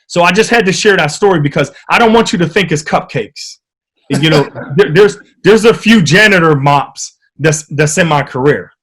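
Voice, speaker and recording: A man with a slightly high voice tells stories as a guest in a casual podcast interview. His delivery is animated and vivid. He comes from the United States. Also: moderate pace, breathy edge.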